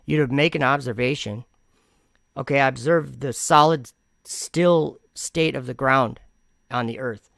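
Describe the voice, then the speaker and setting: A man's voice: medium pitch, measured pace, vocal fry, fairly bright tone, no room sound, clean studio sound. A man hosting a commentary vlog, reacting to comments in an argumentative, sarcastic way and rambling with frequent restarts. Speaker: channel host.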